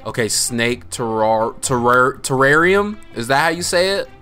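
A young man giving casual, slangy gameplay commentary as host, laid-back but prone to excited outbursts. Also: mid-range voice, measured pace, soft background music. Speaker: gaming channel host.

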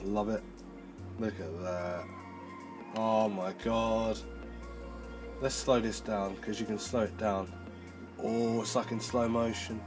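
A man reviewing tech in a casual demo, chatty and excitable, thinking aloud as he goes. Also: lowish voice, slow pace, pauses often, music in the background.

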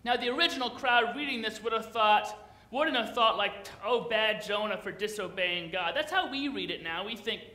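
A man's voice: high-pitched, normal speed, pushed and bright, roomy sound. A man preaching a sermon as pastor, in a conversational, playful way, often putting questions to the congregation.

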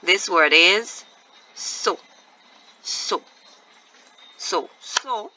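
A woman teacher giving a patient phonics lesson to young children, repeating words slowly and asking encouraging questions. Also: lowish voice, bright, forceful tone, highs cut off. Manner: drawn-out, deliberate word repetition with encouraging questions.

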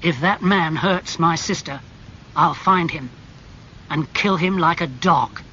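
A man's voice: on the high side, slow pace, sharp tone, exaggerated voice. Man doing a grim, threatening young brother. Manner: hard, threatening delivery. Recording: slightly muffled with faint hum.

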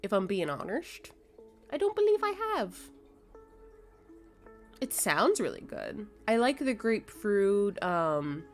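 A woman's voice: medium pitch, big pitch swings, slow, long pauses, faint music behind. A young adult woman streaming a game, chatting casually with her chat, reading and answering messages, swearing and laughing. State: sleepy, yawning.

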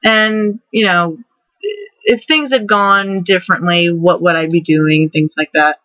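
A woman in her twenties hosting a casual vlog, rambling excitedly and restarting her words as she goes. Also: lowish voice, measured pace, dry recording. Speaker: vlogger host. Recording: dull lo-fi dry recording.

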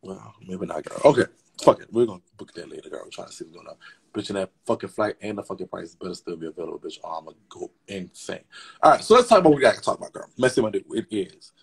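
A man hosting a casual gossip livestream, talking in a sassy, chatty, profane way with a raspy voice. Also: low voice, fast, a little mellow. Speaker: livestream host.

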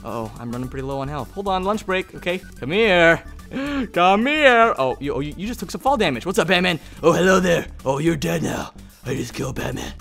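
A young man giving casual, excitable commentary over his own gameplay as a gaming channel host, chatting to his opponents. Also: a little high, a little fast, creaky, soft background music. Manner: excitable, talks to opponents, bursts into shouts.

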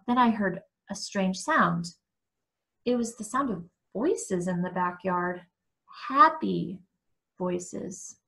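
Bright-voiced woman reading a novel aloud. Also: mid-range voice, vocal fry. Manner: expressive, occasional small restarts. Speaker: book reader.

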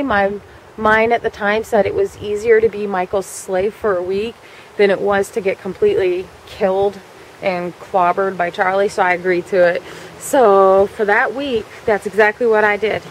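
A woman's voice: medium pitch, moderate pace, slight background noise, low-quality recording. A woman vlogger telling a childhood story in a chatty way, full of fillers and swearing freely. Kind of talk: casual storytelling.

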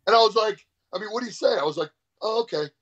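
A man guest in a casual interview, telling an animated, profane story about powerlifting. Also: sits high, very fast, breathy edge. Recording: dull lo-fi sound.

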